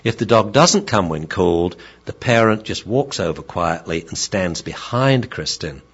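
A dog trainer talks in a low, husky voice that rises and falls with lively expression. He tells stories and acts out the people and pets in them. The recording is slightly dull and lo-fi. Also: measured pace. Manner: animated storytelling, acting out the people and pets in his stories. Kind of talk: lecture-style talk.

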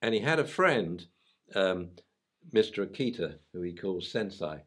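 A man hosting a casual podcast about dogs, an animated storyteller who acts out voices. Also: sits low, a little slow. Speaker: dog trainer and podcast host.

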